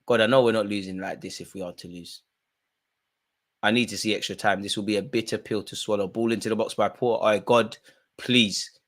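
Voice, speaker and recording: A young man hosting a live football watch-along, excitable and full of slang, swinging from loud outbursts to low mutters. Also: a little fast.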